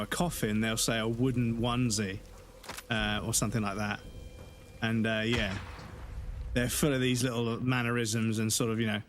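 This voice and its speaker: Young man, game streamer, casual chat, profane, rambling with fillers, mid-pitched. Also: a little hiss or hum. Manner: chatty, profane, with laughs and fillers. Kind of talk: casual gaming livestream commentary.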